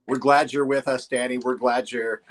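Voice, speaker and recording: A man's voice: mid-range voice, level tone, normal speed. A man hosting a casual podcast chat, asking earnest and mock-incredulous questions. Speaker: podcast host.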